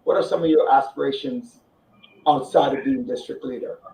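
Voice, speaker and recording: A man's voice: medium pitch, fairly even intonation, normal speed, warm tone. Hesitant male radio host, roomy sound. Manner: hesitant, many fillers and restarts. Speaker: radio talk show host. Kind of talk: radio interview. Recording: roomy, dull broadcast sound.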